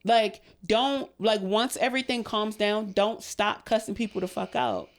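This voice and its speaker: A woman's voice: mid-range voice, a little slow. A young adult woman co-hosting a podcast in casual chat. She swears freely and talks in long, heartfelt runs, close to tears. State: emotional, near tears. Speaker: podcast co-host.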